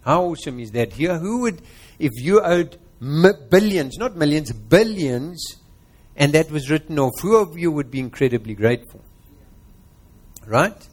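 South african man, pastor, slightly high voice, preaching, questions to the congregation. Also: lively intonation, moderate pace, slightly rough. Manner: interactive, quizzing the congregation. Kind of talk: sermon.

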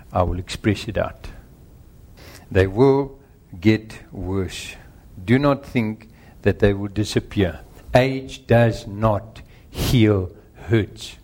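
A middle-aged man preaching a sermon, earnest and emphatic, working through numbered points and speaking directly to the congregation. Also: lowish voice. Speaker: pastor.

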